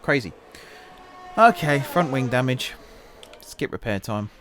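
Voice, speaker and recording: A man's voice: mid-range voice, expressive, measured pace. A man hosting a gaming channel, chatting and joking to himself while commentating a racing game. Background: game music and engines.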